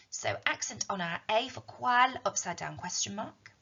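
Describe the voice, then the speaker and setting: A woman's voice: fairly low pitch, moderate pace, vocal fry, hardly any pauses, a bit bright, husky. A woman teaching a recorded language lesson, explaining patiently with frequent ums. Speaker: Spanish teacher. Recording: dull lo-fi recording.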